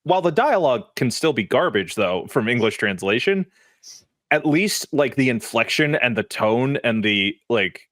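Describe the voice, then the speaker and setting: A man co-hosting a casual game podcast, talking in an animated way with frequent laughs and fillers. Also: mid-range voice, normal speed, no room sound, studio quality. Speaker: podcast co-host. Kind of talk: casual chat.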